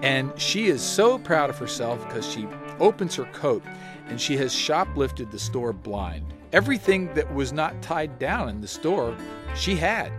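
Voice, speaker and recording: A man telling a first-person story in an animated, wry way. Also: mid-range voice, measured pace, over music.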